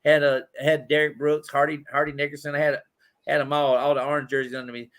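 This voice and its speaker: A man's voice: fairly high pitch, little pitch movement, fast talker, fairly bright tone. A man from Indianapolis hosting a podcast, telling rambling, profane sports stories in casual chat. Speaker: podcast host.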